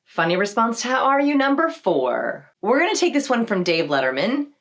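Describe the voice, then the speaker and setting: A woman's voice: fairly high pitch, big pitch swings, moderate pace. A woman hosting a social skills tutorial, talking to camera in a playful way and acting out sample replies in different voices. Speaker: social skills video host. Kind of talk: upbeat tutorial talk to camera.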